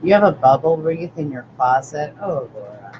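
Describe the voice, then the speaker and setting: A woman's voice: low-pitched, normal speed. Chatty older woman, dull lo-fi audio. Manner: rambling, chatty, greets viewers by name. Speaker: craft tutorial host. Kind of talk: live-stream crafting chat. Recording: dull lo-fi audio with steady noise.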